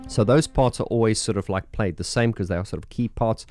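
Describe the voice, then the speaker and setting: A man's voice: on the low side, brisk, darkish tone, no room sound, soft background music. A man with an early morning voice, a keyboard player walking through his setup in a casual, enthusiastic, rambling way. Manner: enthusiastic, rambling, many fillers. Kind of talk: casual demo talk.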